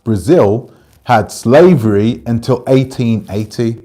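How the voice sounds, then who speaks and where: A man's voice: fairly low pitch, measured pace, long pauses, mellow. A man hosting his channel, chatting casually and rambling as he talks to viewers and reads out their comments. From Britain. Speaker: channel host.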